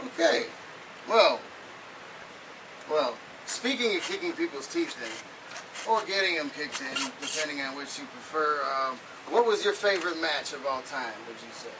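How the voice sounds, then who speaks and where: A man's voice: a little high, animated, measured pace. A man interviewing a wrestler, asking questions with a joking, needling edge. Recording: distant mic with clear background noise.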